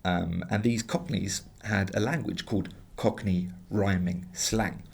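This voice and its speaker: An unhurried Londoner with a low, creaky, husky voice, appearing as a guest in a relaxed interview. He's a lively storyteller from England who acts out the voices of the people he quotes.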